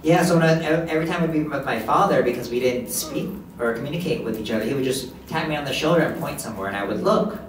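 A man's voice: mid-range voice, fast, hardly any pauses. Man interpreting aloud in an echoey hall. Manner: speaks in first person for the signer, with short restarts. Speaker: sign language interpreter voicing a deaf presenter. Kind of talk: live interpreted storytelling talk. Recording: echoey hall, distant mic, background noise.

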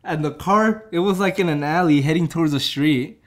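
A man's voice: on the high side, moderate pace. A man casually reviewing a movie, retelling the plot in a rambling way, laughing and correcting himself as he goes.

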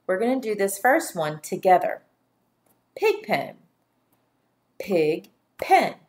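A woman teaching a phonics dictation lesson, speaking deliberately and sounding out each syllable for young learners. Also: medium pitch, sing-song, darkish tone.

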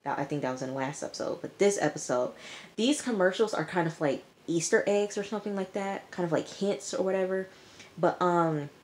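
Low-voiced woman recapping a show. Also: a little fast. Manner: chatty, animated storytelling, addresses viewers as y'all. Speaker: TV episode reviewer. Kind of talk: casual recap vlog.

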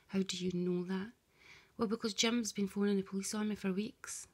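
Woman muttering a long rambling story to herself, gravelly, half whispering, answering her own questions. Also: medium pitch, little pitch movement, normal speed. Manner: hushed, often drops to a whisper; meandering and confiding, voices both sides of an imagined dialogue. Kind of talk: rambling spoken monologue to camera.

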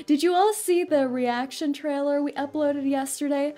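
A woman streams a game and chats playfully, giggling between her thoughts. Her voice sits high, and she talks at an easy, slow pace. The talk rambles from joke to joke. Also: a little mellow, faint music behind. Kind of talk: casual live-stream chat.

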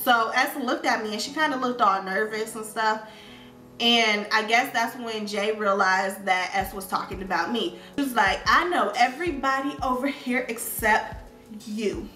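Young woman vlogger, chatty storytime, bright voice, kinda echoey room with faint music. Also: medium pitch, normal speed. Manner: animated retelling with slangy talk. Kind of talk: casual storytime.

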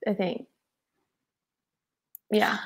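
A woman in her twenties from Seattle co-hosting a casual live webinar, chatty and giggly, trailing off with fillers. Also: drawn-out words. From Seattle, USA. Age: 20s. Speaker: webinar co-host.

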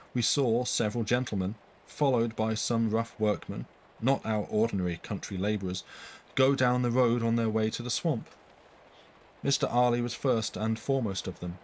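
A man's voice: on the low side, a little mellow, rough recording. A man reading a ghost story aloud on a live stream, lifting his voice for the quoted lines and correcting his own slips as he goes.

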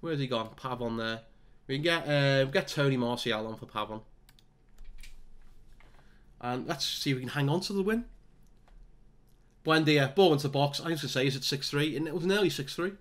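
Excitable man commentating a football sim. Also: mid-range voice, normal speed, pauses often. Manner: excitable, exasperated running commentary. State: voice starting to go. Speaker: gaming YouTuber. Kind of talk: football management game commentary.

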